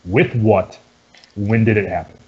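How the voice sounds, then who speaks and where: A man's voice: fairly low pitch, fairly even intonation, unhurried, natural voice. A man voicing a stern middle-aged male barkeeper who questions bluntly and suspiciously. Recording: dull lo-fi recording.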